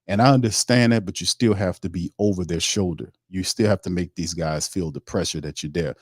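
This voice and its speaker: A blunt male sports host, talking in a very low voice as he rants about his team. His speech is casual and full of slang, with a cuss word now and then, and he stops to read comments from his viewers. It sounds close and dry, with no room echo. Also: fairly quick, breathy edge. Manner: reads viewer chat comments aloud.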